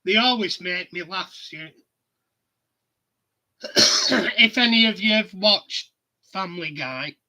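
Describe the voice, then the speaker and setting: A middle-aged man, chatting casually and telling stories at an unhurried pace. His voice is high and very bright, and he laughs at his own anecdotes. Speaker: livestream host. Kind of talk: casual chat.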